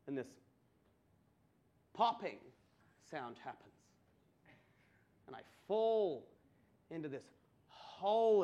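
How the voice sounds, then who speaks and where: On a comedy club stage before a laughing audience, an Australian stand-up comedian tells stories, swearing and stammering through restarts as he builds to loud punchlines. His voice sits high.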